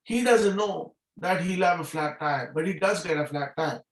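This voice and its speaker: Over a video call, a middle-aged man gives a motivational talk as a guest speaker at a business meeting, in a voice pitched a little high. He speaks at a normal speed and drives his points home by repeating key phrases. The audio is echoey, like it was recorded in a bare room.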